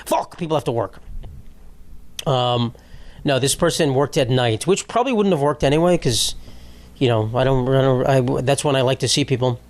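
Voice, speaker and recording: A man's voice: medium pitch, moderate pace. A young man hosting his own comedy podcast, ranting in a profane, rambling and self-mocking way. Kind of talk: solo comedic podcast rant.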